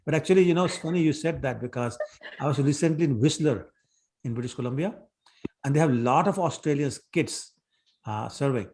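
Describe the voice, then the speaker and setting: A man ending an online class and chatting warmly, often repeating himself. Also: fairly high pitch, brisk. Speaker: class teacher. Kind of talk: end of an online class, casual chat. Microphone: video call.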